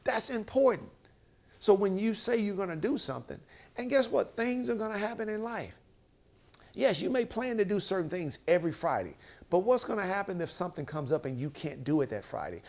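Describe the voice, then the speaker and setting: A man's voice: sits high, a little fast. A man giving a motivational, sermon-style talk, retelling a Bible story and acting out the quotes with emphatic bursts. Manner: animated, acts out quotes, rising to emphatic bursts; Bible storytelling with conversational asides. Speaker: speaker.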